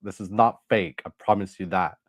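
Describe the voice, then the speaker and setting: A man's voice: low-pitched, moderate pace, dry recording, clean studio sound. A man hosting a religious commentary video, talking in an intense, emphatic, insistent way. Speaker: online video host.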